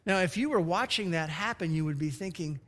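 A male pastor preaching a sermon, slowing down and dropping low to stress key words. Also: a bit bright. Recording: long hall reverb.

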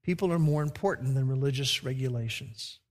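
In a big hall with lingering reverb, a man preaches at a medium pitch. His sermon shifts back and forth from forceful, loud stretches to soft, deliberate moments of emphasis.

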